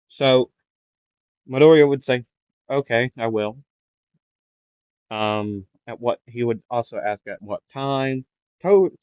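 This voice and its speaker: Halting, rambling man on a dull mic. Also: medium pitch, no room sound. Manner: rambling, halting, full of fillers and restarts. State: recovering from a sore throat, avoids raising voice. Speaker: fan storyteller. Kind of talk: improvised fan story narration.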